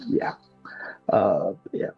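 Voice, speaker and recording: Slow-talking mellow guy in a tabletop game, lots of ums, dry sound. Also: dry recording, lo-fi sound, soft background music. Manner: slow, hesitant, with many fillers. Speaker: player. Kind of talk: playing a character in a tabletop game.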